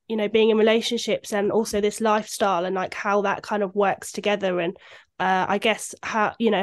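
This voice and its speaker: A woman co-hosting a casual chat, hesitant and searching for her words. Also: mid-range voice.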